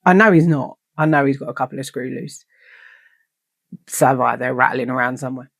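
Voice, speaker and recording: Lively woman telling stories, dry room. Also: rumbling low, a little fast, vocal fry, dry recording. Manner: animated, swears freely, acts out quoted lines. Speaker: podcast host. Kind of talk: casual storytelling podcast.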